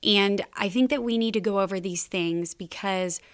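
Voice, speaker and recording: A woman's voice: mid-range voice, normal speed, no echo, clean studio sound. A woman hosting a podcast, giving earnest, faith-based parenting advice in a conversational way with small laughs. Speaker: podcast host and mother.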